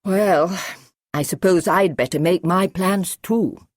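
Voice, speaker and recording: A woman reading an audiobook, voicing a calm, earnest male time traveller who speaks courteously. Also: lowish voice, slow, dry recording, pitched above the performer's own voice.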